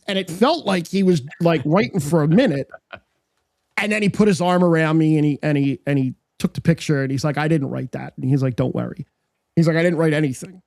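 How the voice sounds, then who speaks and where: Podcast co-host, male, raspy-gravelly voice, animated anecdote teller, dry close mic. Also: fairly high pitch, dry recording. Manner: storytelling, acts out quotes, frequent restarts. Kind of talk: casual chat.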